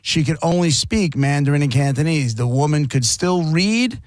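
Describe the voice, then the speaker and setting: A man's voice: fairly high pitch, expressive, moderate pace, dry recording. A man hosting a radio show in casual chat, reading out odd news stories with a wry, amused manner. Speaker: radio host.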